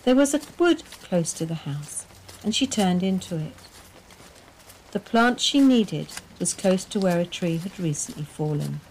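A woman reading a dark domestic story aloud in measured, expressive audiobook narration. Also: fairly low pitch, a little hiss or hum.

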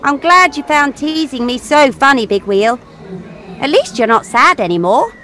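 A woman voicing a cheeky young girl in a children's audio story, bright, playful and sing-song. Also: sits high, sing-song, moderate pace, slight background noise, heavily acted. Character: cheeky young girl who teases machines.

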